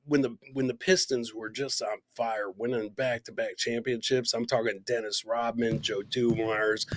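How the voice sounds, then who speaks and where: A man's voice: mid-range voice, flat delivery, moderate pace, a little hiss or hum. A man co-hosting a podcast, telling a story in a casual, profane way, laughing often and acting out the people he quotes. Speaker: podcast co-host.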